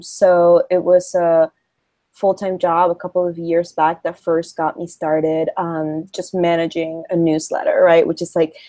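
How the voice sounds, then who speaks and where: A woman's voice: fairly low pitch, darkish tone, no room sound. Chatty young woman, dry close sound. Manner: chatty, thinks aloud with many ums and "right?". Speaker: guest, email marketer. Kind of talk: casual chat.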